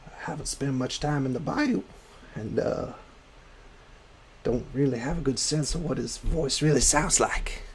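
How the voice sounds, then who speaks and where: A man putting on the voice of a folksy Cajun-accented craftsman, with a rough drawling delivery. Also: mid-range voice, animated, a little slow, a little hiss or hum, pitched above the performer's own voice.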